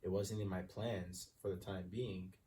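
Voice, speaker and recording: A man's voice: low-pitched, steady tone, a little slow, mellow, distant mic, slight background noise. A young man co-hosting a podcast, chatting casually, swearing freely and repeating himself. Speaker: podcast co-host. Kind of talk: casual chat.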